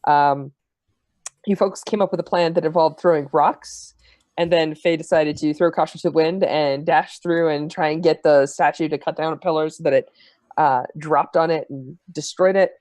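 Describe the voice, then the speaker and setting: A man serving as game master, recapping the last tabletop session in a halting, filler-heavy way. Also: a little high, steady tone, a little mellow, no echo.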